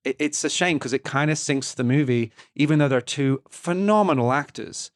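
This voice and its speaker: A man's voice: a little high, dry recording. A man co-hosting a film podcast, talking in a casual, analytical way with frequent restarts. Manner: analytical, halting with many restarts. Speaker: podcast co-host.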